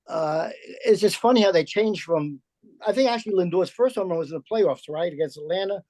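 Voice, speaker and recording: A man's voice: high voice, a little fast, darkish tone, no room sound. A man in his seventies reminiscing in a rambling way as an audience member on a video call. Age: 70s. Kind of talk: casual remarks on a video call.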